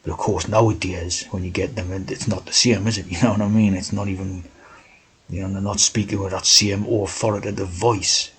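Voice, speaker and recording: A man's voice: low voice, steady tone, fairly quick, slightly rough, low-quality recording. A man talking in a rambling monologue, constantly tagging his sentences with "right?" and "you know".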